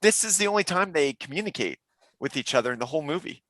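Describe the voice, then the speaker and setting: A man's voice: on the high side, lively intonation, fast talker, a bit bright, dry recording. Male co-host, easygoing chuckler, bouncy intonation, dry close mic. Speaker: podcast co-host. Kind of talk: casual chat.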